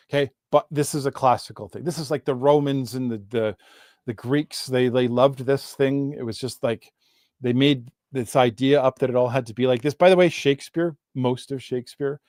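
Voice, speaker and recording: A man's voice: mid-range voice, darkish tone, dry recording. Guy teaching a live lit class, talks loose and chatty, fixes his own slips, dry room sound. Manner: chatty, self-correcting, reads poetry slowly with stressed rhythm. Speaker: literature teacher. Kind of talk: live online class lecture.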